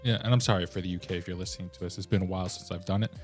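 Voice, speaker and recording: A man's voice: deep voice, fairly even intonation, rapid-fire, soft background music. A man hosting a reaction video, ranting animatedly in a casual way and slipping into mocking voices. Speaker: host.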